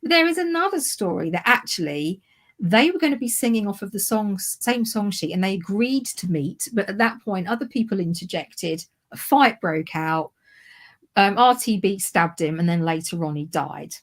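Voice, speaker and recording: A woman chatting through history on a livestream. She rambles, backtracks and corrects herself. Her pitch sits in the middle of the usual range. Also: animated, normal speed. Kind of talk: casual chat.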